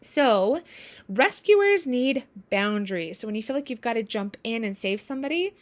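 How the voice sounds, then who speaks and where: A woman's voice: fairly high pitch, normal speed. A woman coaching in a casual teaching style, acting out quoted examples as she explains. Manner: acts out quoted examples with lively shifts in voice.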